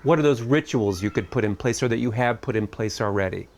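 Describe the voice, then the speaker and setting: Middle-aged guy giving a reflective camp talk, chatty, asks lots of questions, a little joking, ordinary pitch. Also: brisk, a little mellow. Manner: conversational, asks reflective questions with light humor. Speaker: camp speaker.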